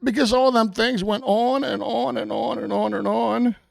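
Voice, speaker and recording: Narrating a game, a show host jokes around in mock panic, swears often, stammers and repeats himself, and later slips into a gruff, bossy police-officer act. The voice is mid-range, steady in tone, and delivered at normal speed in this profane, joking gameplay commentary.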